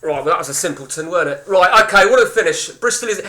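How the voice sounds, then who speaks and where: Indoors at home, a man banters casually with his stream viewers, rambling, blunt, and swearing a lot. His voice sits high and animated at a quick pace, with a crowd audible in the background.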